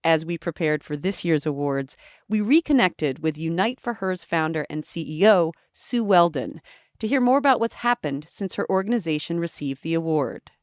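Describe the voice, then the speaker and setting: A woman's voice: sits low, expressive, normal speed, a little mellow, no echo, studio quality. A woman interviewer reading a scripted introduction and asking friendly, polished questions.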